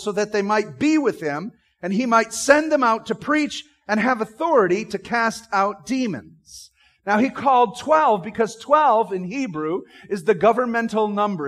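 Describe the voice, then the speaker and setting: A man preaches through a Bible chapter with lively energy, acting out scenes as he goes. He keeps turning to his listeners with questions. His voice sits high for a man. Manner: animated, acts out scenes; asks the audience questions. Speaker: Bible teacher. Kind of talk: sermon.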